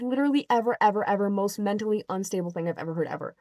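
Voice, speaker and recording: A young adult woman telling a story in a casual, animated rant, with lots of "like" and "um" and an exasperated edge. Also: mid-range voice, racing, hardly any pauses, dry recording. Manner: animated, filler-heavy, exasperated. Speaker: vlogger.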